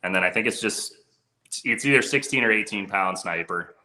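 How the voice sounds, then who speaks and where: A man talks through his fishing gear in an easygoing, casual way, dropping "dude" and "bro" as he goes. His voice sits low but has a bright, forceful edge to it. The sound is roomy, with a noticeable echo around him. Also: moderate pace. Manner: laid-back, says "dude" and "bro". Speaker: fishing guide.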